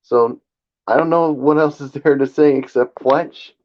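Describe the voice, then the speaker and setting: A man's voice: mid-range voice, fairly even intonation, measured pace, darkish tone, muffled recording. A man co-hosting a wrestling review show, chatting enthusiastically and passing the floor to his co-hosts. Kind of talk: casual podcast chat.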